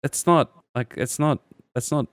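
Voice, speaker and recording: A man's voice: mid-range voice, measured pace, no room sound, studio quality. A man co-hosting a casual podcast, ranting and swearing with sarcasm. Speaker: podcast co-host.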